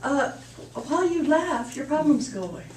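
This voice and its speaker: A woman's voice: sits high, lively intonation, moderate pace, a little mellow. A woman minister giving a sermon in a chatty, storytelling way. She laughs at her own jokes. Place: church hall. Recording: echoey hall, mic far off.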